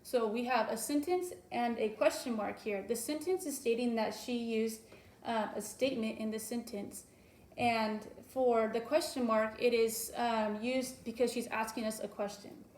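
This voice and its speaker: A woman's voice: a little high, normal speed, a little mellow. A young woman teacher giving a recorded lesson to young children, explaining patiently with frequent ums. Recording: roomy echo.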